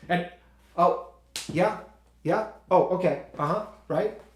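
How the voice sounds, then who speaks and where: A man plays a young stage actor in his twenties in a solo stage monologue, nervous and easily frustrated, stammering and restarting as he talks to partners nobody else hears. His voice sits a little high for a man. The sound is roomy, picked up in a theatre. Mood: chatty. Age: 20s. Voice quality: stammering, halting, full of restarts. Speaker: actor in a one-man play.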